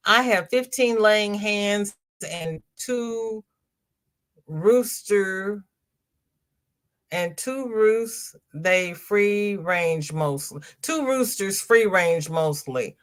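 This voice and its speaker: A middle-aged woman hosts a crochet livestream in an easygoing, chatty way. She talks slowly in a fairly low voice, reading comments aloud and calling viewers "girl" and "honey" while she stumbles through ums and restarts.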